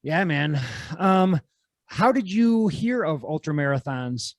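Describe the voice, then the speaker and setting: A man's voice: on the high side, expressive, slow, no room sound. A man in his forties hosting an interview, asking short, encouraging questions. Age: 40s. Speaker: podcast host. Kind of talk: casual interview conversation.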